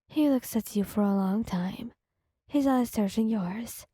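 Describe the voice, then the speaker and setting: A woman narrating a second-person audio story in a soft, partly whispered voice. Her tone is mellow and breathy, and she takes it slowly. The sound is dry and close. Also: mid-range voice, dry recording.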